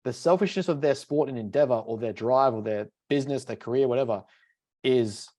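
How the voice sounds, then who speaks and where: Speaking a little fast in a mid-range voice, this podcast co-host chats casually, telling animated stories and cursing freely.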